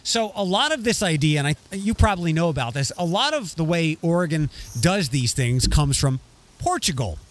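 A man's voice: on the high side, big pitch swings, moderate pace. A man co-hosting a casual discussion podcast, talking in a rambling way with frequent restarts. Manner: rambling, restarts often, reads news excerpts aloud.

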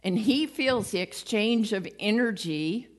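Speaking at a medium pitch and a little slowly, this preacher delivers a sermon that feels like conversation. Her retold stories come alive as she performs each quote, and she pokes gentle fun at herself along the way.

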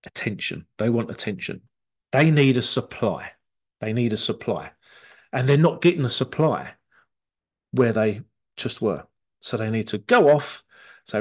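A man's voice: mid-range voice, lively intonation, moderate pace, pauses often, darkish tone. A man giving a casual spoken talk on relationship patterns, with frequent ums, asides and short acted-out quotes. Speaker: relationship coach.

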